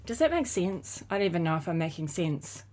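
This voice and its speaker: A woman's voice: fairly low pitch, very animated, a little fast, darkish tone. A woman with a New Zealand accent, a spiritual guide talking casually in a rambling, dreamy way with many fillers. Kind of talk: casual spiritual vlog talk.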